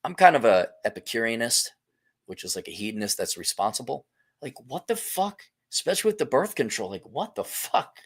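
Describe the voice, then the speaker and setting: Middle-aged male host, casual livestream talk, blunt and profane, swinging pitch. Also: very animated, brisk, breathy edge. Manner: blunt, profane, laughs often, shifts pitch and loudness a lot. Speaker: livestream host reading super chats.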